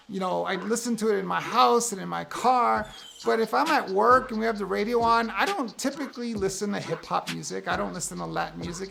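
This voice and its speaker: A man in his fifties from the United States, talking candidly to camera with wry, animated storytelling. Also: sits high, gravelly. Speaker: vlogger sharing a personal list. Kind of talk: casual talk to camera.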